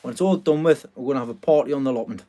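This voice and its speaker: A man's voice: medium pitch, very fast, dark tone. Chatty man live-streaming. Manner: chatty, laughs often, reads out viewer comments. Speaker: vlogger hosting a live stream. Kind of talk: casual live-stream chat. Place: small greenhouse at night, outdoors.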